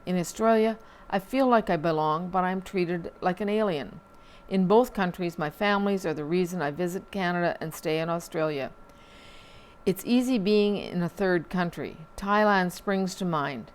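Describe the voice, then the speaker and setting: A woman reading newspaper columns aloud, in a steady read-aloud manner with occasional slips and restarts. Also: fairly low pitch, normal speed. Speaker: newspaper reader.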